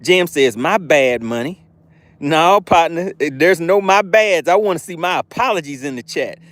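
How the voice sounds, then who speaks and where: A man's voice: fairly high pitch, animated, measured pace, a bit bright, dry recording. A man hosting a live fishing stream outdoors, reading viewer chat aloud and teasing them playfully. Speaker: fishing livestream host. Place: outdoors by the water.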